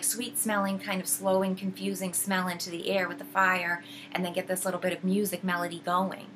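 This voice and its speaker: A woman's voice: lowish voice, fairly bright tone, slight background noise, rough recording. A woman casually retelling a book's plot, rambling with many fillers and restarts. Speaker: video host.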